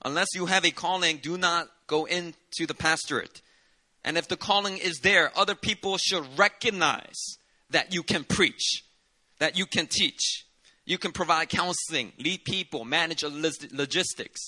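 Bright-voiced man preaching a sermon. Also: fairly high pitch, normal speed. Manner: conversational preaching with dramatic asides and Southern "y'all". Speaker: pastor.

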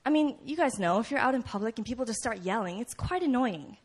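Woman preacher, sermon delivery, conversational and animated, slightly high voice. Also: fast talker. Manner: animated storytelling, acts out voices and shouts; conversational, frequent "right?" asides.

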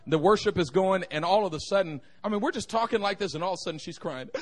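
A man's voice: high voice, quick pace. A young man preaching a humorous sermon in a church, telling stories and joking with the congregation. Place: church sanctuary.

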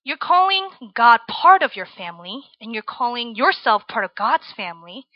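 A woman's voice: a little high, big pitch swings, moderate pace, dry recording. Young woman preacher, conversational, keeps checking in with the room; muffled, close-miked sound. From Virginia, USA. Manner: chatty, tags lines with "right?" and "like". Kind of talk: casual sermon to students.

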